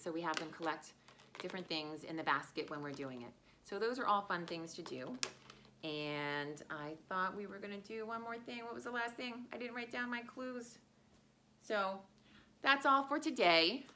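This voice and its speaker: A bright-toned woman leads a children's lesson, her voice clear and forward. She talks in a playful, sing-song way and leans into chants and sound effects for toddlers. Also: deep voice, a little hiss or hum. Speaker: home daycare teacher.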